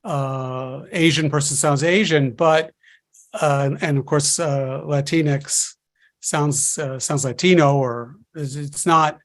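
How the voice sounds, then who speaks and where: A man speaking as a linguist guest on a webinar panel, explaining in a hesitant, halting way over a video call. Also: on the high side, fairly even intonation.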